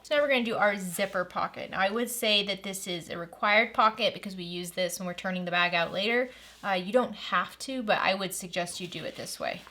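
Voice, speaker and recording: A woman's voice: medium pitch, fairly quick, pushed and bright. A woman narrating a step-by-step sewing tutorial in a friendly, practical way, walking the viewer through each stage. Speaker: sewing instructor.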